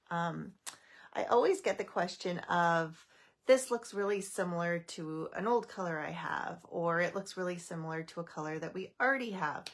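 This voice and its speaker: A woman's voice: lowish voice, fairly bright tone. A middle-aged woman from Canada hosting a casual craft live stream, chatting with viewers, greeting them by name, with frequent ums and restarts.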